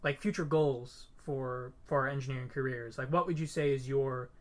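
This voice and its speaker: Twenty-something guy co-hosting a podcast, jokey and playful, tosses out questions, normal pitch. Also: steady tone, moderate pace. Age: 20s. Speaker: podcast co-host. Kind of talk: casual chat.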